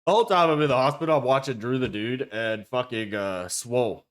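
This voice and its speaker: A man's voice: medium pitch, a little fast, fairly bright tone. A man streaming from a home setup, chatting casually and profanely with his viewers in a rambling way. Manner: profane, rambling, talks straight to chat.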